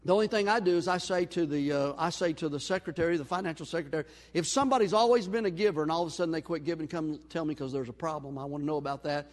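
A male pastor with a high voice, preaching and acting out a story's dialogue as he swings from loud to hushed. His sermon rings with long reverb in a church sanctuary. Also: rapid-fire, hardly any pauses.

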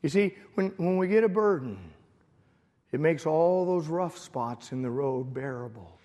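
Male pastor, fairly high voice, emotional sermon, reverberant church. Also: lively intonation, unhurried. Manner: emotional storytelling, rising to shouted prayer. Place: church sanctuary. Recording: long hall reverb.

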